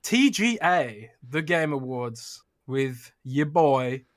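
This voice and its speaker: A man's voice: medium pitch, expressive, slow pace, no room sound, clean studio sound. A man co-hosting a casual gaming podcast, jokey, laughing easily and trailing off into murmurs. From United Kingdom. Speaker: podcast co-host, games writer.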